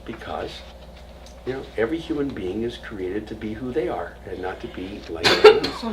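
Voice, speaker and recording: Distant rabbi telling stories in class. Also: male voice, fairly low pitch, big pitch swings, normal speed. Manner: storytelling with jokes and acted quotes, dropping to a whisper at times. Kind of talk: informal adult education lecture. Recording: distant mic with audible room noise.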